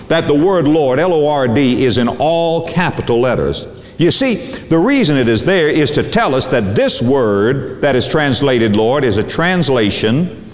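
A middle-aged man, a pastor, preaching a sermon with emphatic, preacherly delivery and dramatic slowdowns on key words. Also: medium pitch. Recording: long hall reverb.

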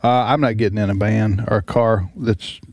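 A man's voice: on the low side, steady tone, moderate pace, a little mellow, no echo, clean studio sound. Joking man on a talk panel. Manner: joking, rambling asides. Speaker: talk-show co-host. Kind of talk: casual talk-show chat.

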